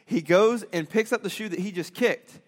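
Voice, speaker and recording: High-voiced dad telling an animated story. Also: male voice, normal speed, in a large hall. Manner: animated, acts out quotes, laughs often. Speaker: father telling a story to a young audience. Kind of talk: storytelling talk.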